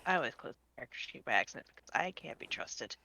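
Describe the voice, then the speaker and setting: A woman's voice: a bass voice, animated, fast, vocal fry, pushed and bright. A woman player in a tabletop game, scattered and self-mocking.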